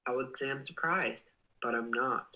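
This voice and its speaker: Chatting with viewers and reading their comments, the streamer is playful and effusive, with affectionate profanity and abrupt bursts of excitement. Pitch is medium, the pace moderate, and the recording rough.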